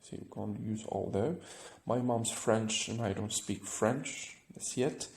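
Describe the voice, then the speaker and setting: A man's voice: fairly low pitch, slow pace, vocal fry, reverberant. A man teaching an English grammar lesson, explaining step by step and often checking with "right?".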